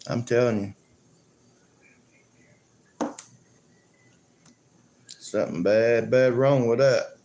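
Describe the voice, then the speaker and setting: A man's voice: medium pitch, steady tone, extremely slow, long pauses, a little mellow. A man chatting casually and joking on a live stream, rambling and chuckling often.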